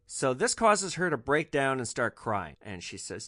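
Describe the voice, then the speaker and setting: A man's voice: mid-range voice, very animated, moderate pace, hardly any pauses, pushed and bright, dry recording, clean studio sound. A male podcast host telling a story in a sardonic, profane way.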